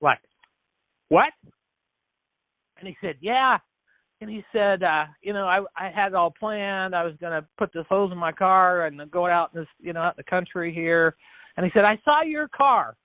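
On a tinny, phone-like line with no echo, a high-pitched man tells a story with fairly even intonation at normal speed, pausing often. He's a business founder on a podcast, earnestly performing the quoted dialogue. His words come with frequent restarts and repetitions.

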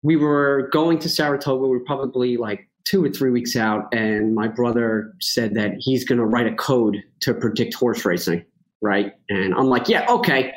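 A man's voice: mid-range voice, steady tone, normal speed, poor audio. A man with a New York accent, a horse racing handicapper chatting as a guest in a casual podcast interview. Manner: chatty, storytelling with frequent fillers and laughs.

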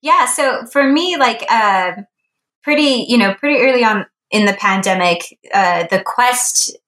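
Animated woman telling stories in an echoey room. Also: a little slow. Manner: animated storyteller, acts out quotes in a high voice. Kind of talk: casual podcast chat.

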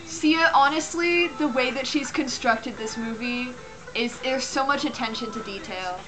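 A woman with a high voice co-hosts a casual podcast over a film's soundtrack. She talks in a mock-serious, ironic way and keeps breaking into laughter. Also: a little slow, poor audio. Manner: mock-serious, dry irony. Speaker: podcast co-host. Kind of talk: casual chat reacting to a film. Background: film music playing.

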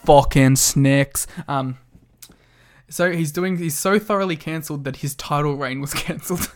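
A man's voice: a little high, moderate pace, fairly bright tone, slight background noise. A man co-hosting a podcast, chatting bluntly about wrestling, swearing freely and laughing mid-sentence. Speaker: podcast co-host. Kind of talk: casual wrestling chat.

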